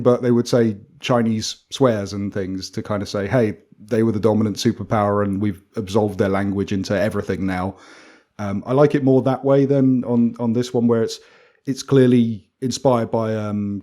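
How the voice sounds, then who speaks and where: A British man chats on a gaming podcast in a loose, meandering way, stopping and restarting his sentences as he goes. His pitch sits in a middling range. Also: mellow. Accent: British English. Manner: rambling, many restarts and fillers. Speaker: podcast co-host. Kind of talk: casual chat.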